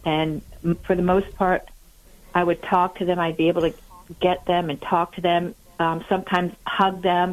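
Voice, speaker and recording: Radio caller, woman, earnest and self-critical, rambling, a little low. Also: darkish tone, low-quality recording. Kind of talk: phoning in to a radio show.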